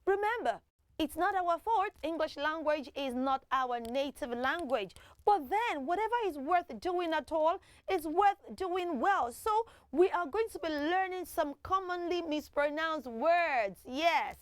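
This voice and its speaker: A woman hosting a children's TV show, teaching in an animated way and having kids repeat words after her. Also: high voice, unhurried, no echo. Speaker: children's TV host.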